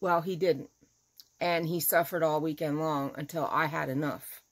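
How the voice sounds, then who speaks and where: A woman's voice: low voice, steady tone, normal speed. Chatty woman vlogger telling a story. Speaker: crochet vlogger. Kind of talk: casual chat to camera.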